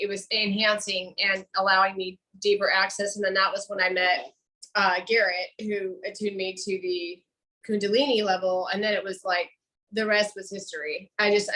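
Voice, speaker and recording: A woman co-hosting a casual podcast, talking in long, relaxed, rambling runs. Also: mid-range voice, low-quality recording. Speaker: podcast co-host, Reiki practitioner. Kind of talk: casual chat.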